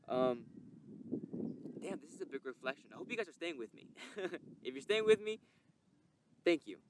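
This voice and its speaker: A man's voice: a little high, vocal fry, a little hiss or hum. A young man telling a candid, emotional personal story, rambling and swearing as he reflects. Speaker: podcast host. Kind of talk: reflective personal testimony monologue.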